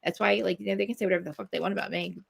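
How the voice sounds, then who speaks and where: A woman's voice: mid-range voice, steady tone, rapid-fire, vocal fry, background noise. A woman from New Jersey, ranting in casual chat, swearing a lot and restarting her sentences. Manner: profane, ranting, many restarts.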